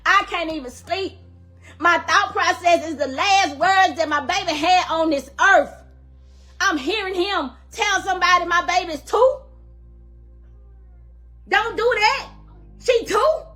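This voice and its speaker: A woman's voice: very high-pitched, measured pace, long pauses, bright, forceful tone, faint music behind. A middle-aged woman makes an angry, emphatic public plea as a grieving grandmother, repeating herself for force. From Louisiana, USA.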